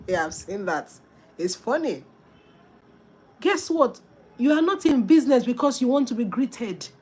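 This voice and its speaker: A woman coaches business owners in a motivational talk, with an emphatic, preachy delivery. She speaks straight to her listeners. Her voice sits a little high for a woman. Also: big pitch swings, a little slow, pauses often, a little mellow, breathy edge. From Africa.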